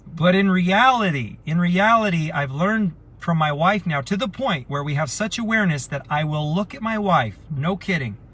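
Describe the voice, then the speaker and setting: A middle-aged man who leads a wellness community, giving a motivational talk and acting out short quoted exchanges. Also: on the high side. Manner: animated, acts out little quoted exchanges. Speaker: community leader.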